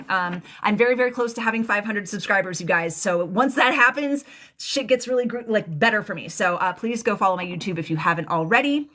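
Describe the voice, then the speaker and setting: A woman's voice: mid-range voice, pushed and bright, a little hiss or hum. A young adult woman giving a live tarot reading, chatty and emotional, rambling with lots of fillers and restarts. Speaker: tarot reader.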